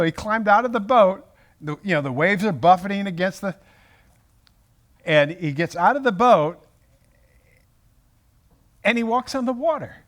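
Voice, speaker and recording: A man leads a Bible study in a room full of people, speaking slowly and with animation. His pitch sits on the high side and swings widely. He often breaks off and restarts his sentences. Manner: animated, self-interrupting, acts out quotes. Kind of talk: Bible teaching talk. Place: room with a group.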